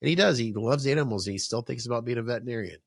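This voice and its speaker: A man hosts a podcast from a man-cave room, spinning rambling, foul-mouthed stories in easygoing conversation. He talks rapid-fire in a creaky, medium-pitched voice, and the studio sound is clean with no echo.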